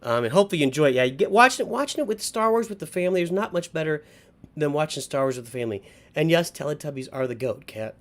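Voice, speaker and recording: A man's voice: on the high side, lively intonation, quick pace, fairly bright tone. A middle-aged man hosting a livestream, rambling nostalgically and answering live chat as he goes. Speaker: livestream host.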